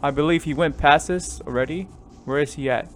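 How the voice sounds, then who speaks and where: A man commentating a horror game let's play, jumpy and easily startled, swinging between loud yelps and quiet muttering. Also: a little high, brisk, slight background noise. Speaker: gaming YouTuber.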